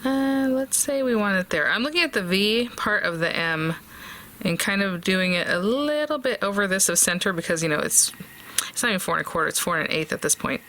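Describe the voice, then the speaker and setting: A woman's voice: fairly low pitch, pushed and bright, a little hiss or hum. A woman hosting a casual crafting tutorial, chatting and thinking aloud as she works, with fillers and small laughs.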